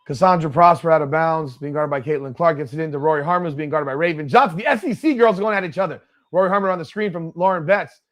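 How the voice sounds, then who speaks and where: A man's voice: on the high side, fast, few pauses. A man hosting a live watch party, calling plays and heckling players with blunt, cursing commentary.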